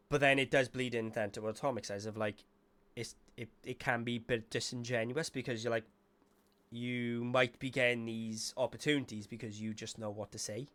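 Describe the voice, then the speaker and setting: A man's voice: mid-range voice, level tone, normal speed, a bit bright. A man hosting a casual panel chat, talking in a chatty, meandering way and correcting himself as he goes.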